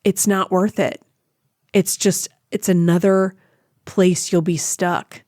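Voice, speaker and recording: A woman's voice: on the low side, takes it slowly, no room sound, clean studio sound. A woman hosting a podcast, talking casually and giving relationship advice, often acting out what other people say. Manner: chatty, animated, acts out quoted voices. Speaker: podcast host.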